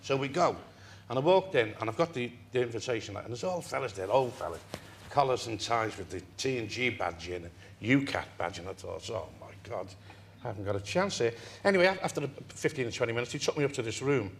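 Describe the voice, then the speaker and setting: A man's voice: mid-range voice, fast talker, hardly any pauses. Older guy spinning a yarn on a chat show, voice jumping all over, lil bit of hiss behind. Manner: animated, laughs through his own story. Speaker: interview guest. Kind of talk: anecdotal storytelling.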